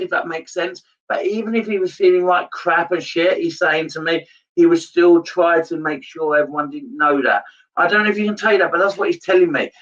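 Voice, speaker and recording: A psychic medium giving a live-streamed reading to viewers, halting, repeating his phrases and turning emotional. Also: sits high, fairly bright tone, far from the mic, muffled recording.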